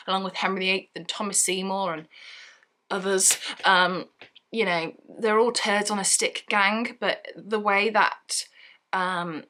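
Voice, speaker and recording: A young woman rants casually to camera about a disappointing book. Her voice is bright and forceful, her delivery chatty and exasperated. She laughs often between complaints. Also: medium pitch. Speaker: book vlogger. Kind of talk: casual book review rant.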